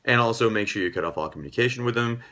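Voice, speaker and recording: A man's voice: mid-range voice, pushed and bright. A man giving emphatic, lecturing dating advice as a coach, stretching out key words for effect. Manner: emphatic, lecturing, drawn-out pauses. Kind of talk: advice monologue.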